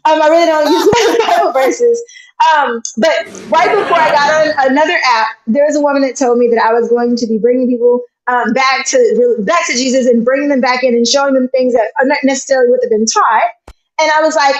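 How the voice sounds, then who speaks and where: A woman in her thirties, chatting as a guest and telling stories in an animated way, acting out the voices in her tales. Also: high-pitched, fast talker. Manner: animated storyteller, acts out voices in her tale. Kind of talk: casual chat. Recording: echoey, dull lo-fi sound.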